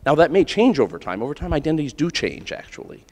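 A man's voice: on the high side, very animated, fast talker, a little mellow. An American man giving a keynote speech at a conference in an earnest, conversational way, often restarting phrases and adding "right?" asides. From United States. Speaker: keynote speaker. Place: large conference hall. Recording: long hall reverb.

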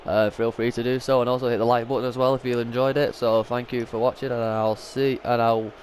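A man's voice: medium pitch, little pitch movement, a little fast, a little hiss or hum. Man commenting on gameplay, filler-heavy. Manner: frequent filler sounds, swears and shouts at the referee. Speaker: gaming YouTuber.

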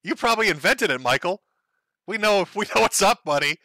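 A man hosts a loose livestream and talks casually while reading chat out loud. His voice sits a little high and bright, with a crude, joking manner and frequent laughter. The sound is close and dry, with no room around it. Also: lively intonation, brisk, no room sound. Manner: crude, joking, laughs often between lines.

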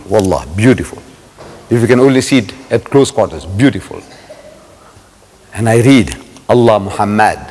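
Older South African man lecturing, echoey hall. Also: mid-range voice. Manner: animated storyteller with rhetorical questions to the crowd. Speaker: Islamic lecturer. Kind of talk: religious lecture to a live audience. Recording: echoey hall with long reverb.

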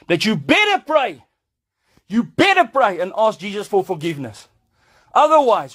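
A man preaching a stern, angry warning, repeating his points. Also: extremely high pitch. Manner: fiery, stern and repetitive. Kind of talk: angry video sermon.

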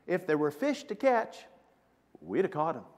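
A man preaching acts out a weary, exasperated fisherman who has worked all night, loud and pleading. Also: a little high, huge pitch swings, moderate pace. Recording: long reverb of a church hall.

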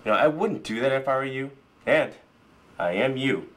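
A man's voice: mid-range voice, lively intonation, normal speed, a bit bright, close to an everyday voice. A man playing a self-serious, pretentious actor who overplays toughness in an indie comedy. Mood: earnest. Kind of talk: indie comedy drama acting.

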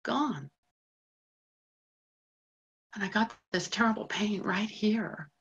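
A woman's voice: mid-range voice, breathy edge, dull audio, heavily acted. An actress playing a lonely middle-aged female janitor in a stage monologue, confiding in a rush of feeling. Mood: flustered. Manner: confiding, breathless rushes of feeling. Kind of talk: stage monologue in a theatre broadcast.

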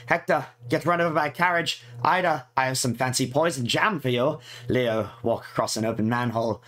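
A man's voice: mid-range voice, a little fast, a bit bright, close to an everyday voice. A man voicing a fretful, spiteful young schoolgirl, reading her diary in a prim, theatrical way. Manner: prim, theatrical, swings from whimpering to gloating.

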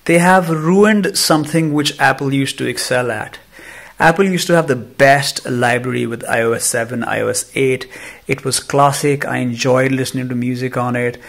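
A man with an Indian accent giving a casual phone review, ranting in an animated, exasperated way. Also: mid-range voice, normal speed, vocal fry. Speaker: tech reviewer.

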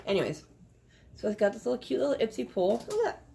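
A middle-aged woman chatting casually through a beauty unboxing, blunt and quick to cuss. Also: fairly high pitch, sing-song, gravelly, warm tone, slight background noise. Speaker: beauty vlogger.

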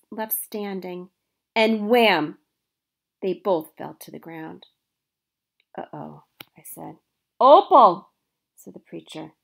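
A woman teacher reading a children's novel aloud to her students with expressive storytelling. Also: mid-range voice.

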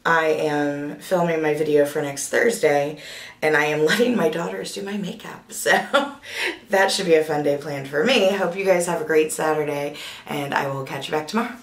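A woman in her thirties, groggy and husky from allergies, chatting casually and rambling with many fillers in a home vlog. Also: low-pitched, normal speed, reverberant, distant mic. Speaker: vlogger.

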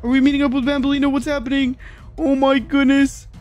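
A woman playing a video game with a friend, gasping and repeating herself in nervous excitement. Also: high-pitched, quick pace, soft background music. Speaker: gaming channel host. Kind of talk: excited let's-play commentary.

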